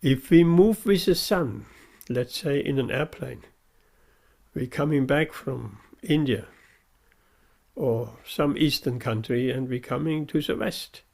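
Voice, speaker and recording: A man's voice: mid-range voice, takes it slowly, vocal fry, darkish tone. A man giving a devotional sermon, earnest and emphatic, repeating his key phrases. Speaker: preacher.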